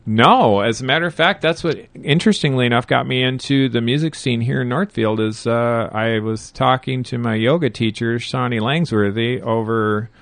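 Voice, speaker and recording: A middle-aged man chatting as a guest, a playful, lively storyteller. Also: medium pitch, normal speed, few pauses, dry recording. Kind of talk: casual interview chat.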